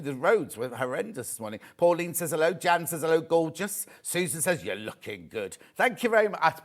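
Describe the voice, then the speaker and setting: A man's voice: sits high, a bit bright. Chatty, camp male shopping-TV host. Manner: chatty, camp and jokey, reads out viewer messages. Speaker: shopping channel presenter. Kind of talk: live TV shopping chat.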